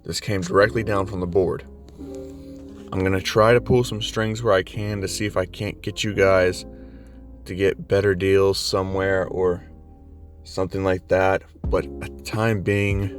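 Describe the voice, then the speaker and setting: A man voicing an apologetic male school principal who speaks formally, with a low voice. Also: steady tone, measured pace, soft background music. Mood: regretful.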